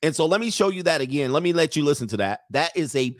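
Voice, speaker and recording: A man's voice: a little high, lively intonation, fast talker, hardly any pauses, no echo, studio quality. A man hosting a reaction commentary, talking about a video clip in an emphatic, sarcastic way. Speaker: commentary host.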